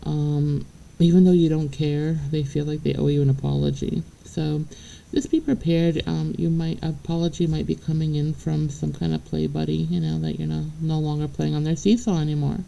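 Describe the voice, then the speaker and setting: A woman's voice: deep voice, level tone, normal speed, gravelly, few pauses, dark tone, poor audio. A woman giving a casual spiritual reading straight to the viewer, blunt and profane, chatty and laughing between points. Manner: blunt and profane, keeps checking in with "okay?". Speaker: tarot reader.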